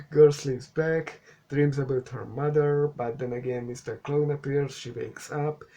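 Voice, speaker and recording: Slow, sarcastic man reviewing a film. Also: mid-range voice, warm tone. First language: not English. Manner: sarcastic, exasperated, swears casually. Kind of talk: casual spoken movie review.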